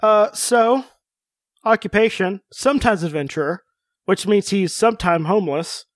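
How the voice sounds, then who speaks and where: A man's voice: high-pitched, normal speed, no room sound, clean studio sound. A man co-hosting a casual podcast chat, reading out a character profile with joking asides. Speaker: podcast co-host.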